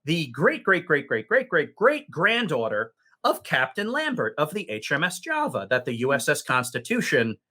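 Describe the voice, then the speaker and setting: Bright, lively, slow-talking man game master. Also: on the high side. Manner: unhurried, lively storytelling with many fillers. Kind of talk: narrating a tabletop game.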